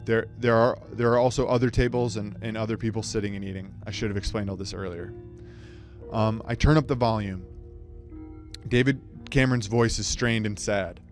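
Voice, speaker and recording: A man delivering a surreal comic monologue as a speech contestant, in a deadpan manner with stumbles and asides. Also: lowish voice, moderate pace, faint music behind.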